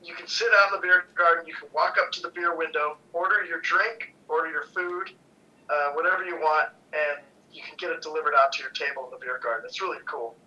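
A man chats easily on a company podcast, his voice bright and a little high, with a relaxed, halting delivery full of fillers. The recording sounds dull and lo-fi. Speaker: brewery owner on company podcast. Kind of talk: casual chat.

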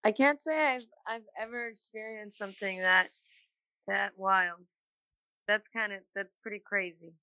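A woman's voice: medium pitch, fairly even intonation, unhurried, bright, forceful tone, no echo, dull audio. A woman co-hosting a podcast, making blunt, dry remarks in casual chat. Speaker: podcast co-host.

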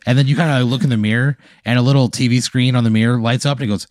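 A man's voice: mid-range voice, fairly even intonation, rapid-fire, a little mellow, no room sound. A man hosting a comedy podcast who tells an improvised story in a casual, profane, rambling way. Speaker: host running the hypothetical.

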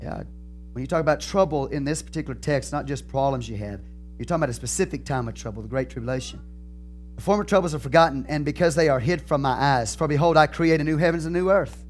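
A man with a Texan accent, a pastor preaching a sermon, moving from calm teaching to loud, fervent preaching. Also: a little high, fast talker, faint music behind.

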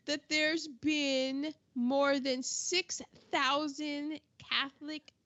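A woman from the United States co-hosting a podcast in casual chat, talking in an opinionated way with quick asides. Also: high voice, level tone, a bit bright, no echo. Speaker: podcast co-host. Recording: dull, dry lo-fi audio.

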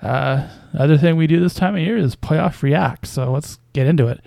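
Gravelly, wry male basketball podcaster. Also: a little high, normal speed, mellow, no room sound. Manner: hesitant, many fillers and chuckles, wry. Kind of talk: casual commentary.

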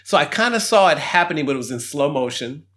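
A man co-hosting a podcast, telling a story in a calm, measured, reflective way. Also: on the high side. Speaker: podcast co-host. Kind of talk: casual conversation.

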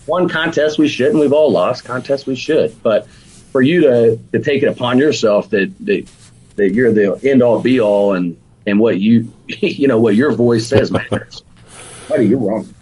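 Brief: man, Alabama accent, husky, relaxed podcast guest, slangy and animated. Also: medium pitch, a little slow, rough recording. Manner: animated and laid-back, sprinkled with "man" and "dude". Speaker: competition barbecue pitmaster, guest. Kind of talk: casual podcast interview.

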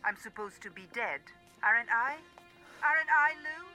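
A woman's voice: a little high, animated, normal speed, pushed and bright, soft background music. An actress playing a vengeful wife who was thought dead, menacing and taunting her husband over the phone.

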